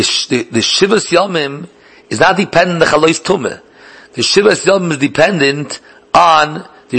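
A man's voice: fairly high pitch, a bit bright, breathy edge. A man giving a Talmudic lecture, thinking aloud with many restarts and repeated words and mixing in Hebrew learning terms. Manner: mixes English with Hebrew and Yiddish learning terms. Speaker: Talmud teacher.

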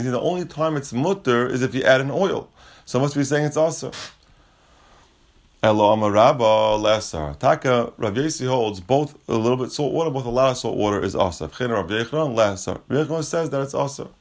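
A man's voice: medium pitch, expressive, fairly quick. A man teaching a Talmud lesson, reading Aramaic lines and explaining them casually in English. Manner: casual, restates points, frequent restarts.

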